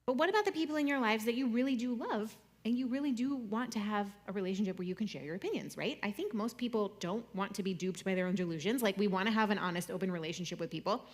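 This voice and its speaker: A young adult woman speaking to an audience in a conversational, jokey way, swinging between loud and soft. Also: medium pitch, lively intonation, quick pace, few pauses. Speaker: speaker giving a talk.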